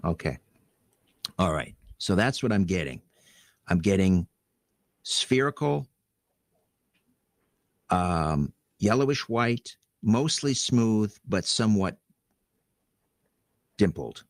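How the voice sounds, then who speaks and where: A low-pitched man hosts a call-in radio show, talking in a measured, hesitant way with ums and drawn-out words. His voice is close and dry. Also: animated, no room sound. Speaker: radio host. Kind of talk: late-night call-in radio.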